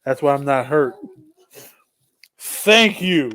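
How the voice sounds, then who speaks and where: A man co-hosting a casual podcast chat, joking around and laughing loudly. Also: medium pitch, animated, slow. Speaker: podcast co-host.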